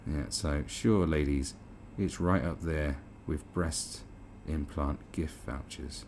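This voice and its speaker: A man's voice: rumbling low, steady tone, slow pace, darkish tone, slight background noise. A British man ranting in disbelief as he reads and reacts to an article, swearing often. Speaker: commentary host. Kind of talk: reaction commentary.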